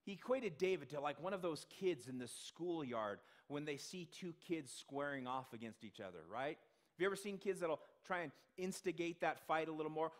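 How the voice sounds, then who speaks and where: A man's voice: fairly high pitch, normal speed. A male pastor delivering a sermon in a conversational way, asking the congregation questions and acting out the voices he quotes. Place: church sanctuary.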